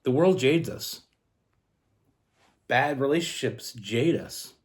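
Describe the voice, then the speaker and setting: A man's voice: medium pitch, animated, takes it slowly. A man from Canada giving a casual tarot love reading, earnest and rambling with frequent restarts. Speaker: tarot reader.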